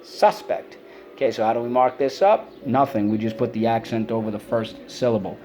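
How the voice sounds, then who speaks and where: A man teaching a spelling and vocabulary lesson for children, sounding out words slowly and prompting listeners to repeat them. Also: medium pitch, fairly even intonation, warm tone.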